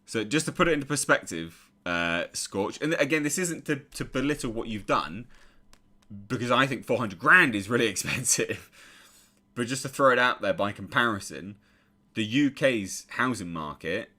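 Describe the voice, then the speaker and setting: A man's voice: mid-range voice, lively intonation, a little slow, sharp tone. A young English man chatting casually on a live stream and reading out viewer comments. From England.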